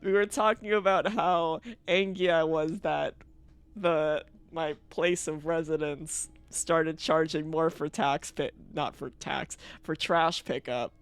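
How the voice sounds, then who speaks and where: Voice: mid-range voice, steady tone, takes it slowly, clean tone, no echo. A streamer chatting casually on a live stream, ranting with frequent laughter and free swearing. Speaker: game streamer. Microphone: streaming mic.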